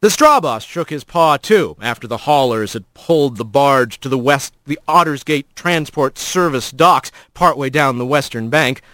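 Animated male storybook narrator. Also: medium pitch, normal speed, few pauses, no room sound. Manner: expressive and animated.

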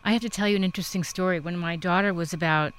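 A woman interviewer with a low-pitched voice talks in a casual, conversational way. She tells personal stories and backs the guest up with frequent affirmations. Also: steady tone, racing, clean tone.

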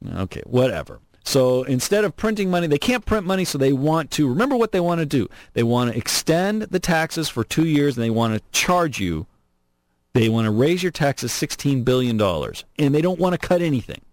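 Male radio host, political monologue, animated and sarcastic, fairly high voice, dry close mic. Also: a little fast, no echo. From Southern California. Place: radio studio.

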